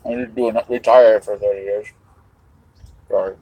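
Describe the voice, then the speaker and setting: Husky-voiced middle-aged man rambling. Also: on the low side, steady tone, normal speed, dark tone, no echo, rough recording. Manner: rambling, musing, half-joking. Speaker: vlogger. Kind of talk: casual livestream monologue.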